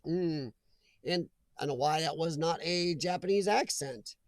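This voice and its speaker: A man's voice: on the high side, moderate pace, no room sound. A man hosting a live chat stream, chatting casually and jokingly with viewers and reading their comments aloud, laughing often.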